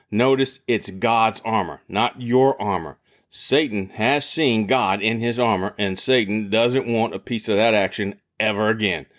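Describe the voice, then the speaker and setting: A man's voice: lowish voice, fairly bright tone. A man preaching a sermon as a podcast host, with emphatic repetition.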